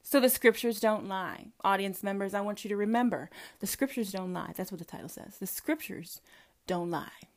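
A woman's voice: mid-range voice, brisk, few pauses. A woman with a Southern American accent delivering a combative, profanity-laced rant full of rhetorical questions. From Southern United States. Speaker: commentator. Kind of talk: profane religious rant to camera.

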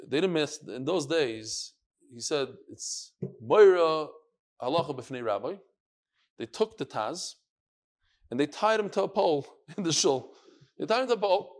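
Guy giving a talmud class, lively storyteller, slightly high voice. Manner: lively, sprinkles in Hebrew and Yiddish terms. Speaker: Talmud teacher. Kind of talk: animated storytelling lesson.

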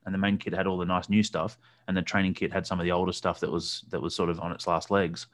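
A man hosting a casual interview, recalling details at length with many pauses and ums. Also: low-pitched, little pitch movement.

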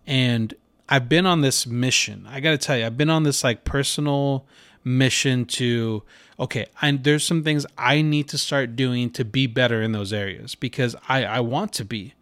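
A man's voice: medium pitch, moderate pace, fairly bright tone, no echo. A man hosting a podcast, telling a family story in a casual, rambling way with many fillers and restarts. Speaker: podcast host.

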